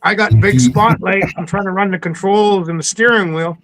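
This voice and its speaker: A man from coastal British Columbia, a podcast guest telling stories in a casual interview, animated and acting out the people he quotes. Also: high voice, normal speed, a little hiss or hum, poor audio. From coastal British Columbia, Canada.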